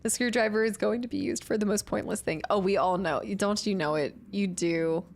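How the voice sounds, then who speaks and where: A woman's voice: mid-range voice, fairly quick. A woman streaming a game live and chatting casually as she thinks aloud through puzzles. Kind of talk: live gameplay commentary.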